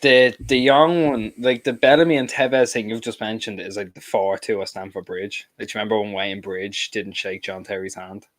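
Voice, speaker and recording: A man's voice: fairly low pitch, steady tone, moderate pace, hardly any pauses, no echo. A young man with a Dublin accent co-hosting a football watch-along, rambling and swearing freely as he reminisces. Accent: Dublin Irish. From Dublin, Ireland. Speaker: co-host.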